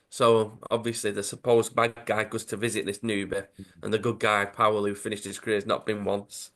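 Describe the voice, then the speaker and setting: A man's voice: lowish voice, little pitch movement, brisk, a bit bright. A man co-hosting a podcast, retelling a comic story in an enthusiastic, chatty way. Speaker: podcast co-host. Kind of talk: casual chat, retelling a comic.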